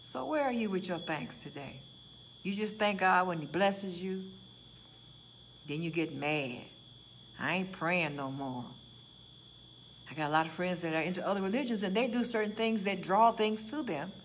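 Lively woman pastor preaching. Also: medium pitch, normal speed, slight background noise. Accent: Chicago. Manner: lively, conversational, acts out prayers and dialogue. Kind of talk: sermon.

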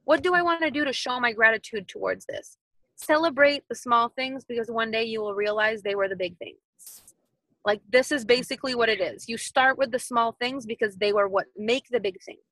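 A woman's voice: on the high side, a little fast, no room sound, low-quality recording. A woman in her thirties, a podcast guest talking casually and animatedly, repeating her points like mantras. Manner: animated, repetitive motivational phrasing.

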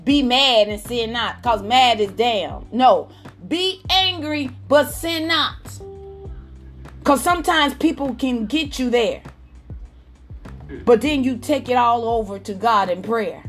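A woman's voice: a little high, slow, faint music behind. A woman preaching a fervent sermon, calling out to her listeners and exclaiming praise as she goes.

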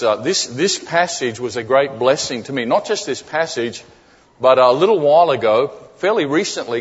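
A man with a husky voice preaches to a congregation, chatting with them and checking that they are following along. The sound carries a long reverb from the church hall. The recording is dull and lo-fi. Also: mid-range voice. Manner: conversational, often checking in with the congregation; repeats key phrases for emphasis. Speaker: guest preacher. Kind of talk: sermon. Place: church sanctuary.

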